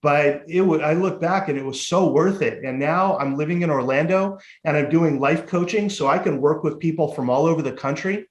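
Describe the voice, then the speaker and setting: Podcast guest: a man, fairly high-voiced, storytelling with candid, salty humor; roomy echo on the recording. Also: a little fast, few pauses. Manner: lively and candid, casual swearing. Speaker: guest, motivational speaker and life coach. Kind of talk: storytelling in a casual podcast interview.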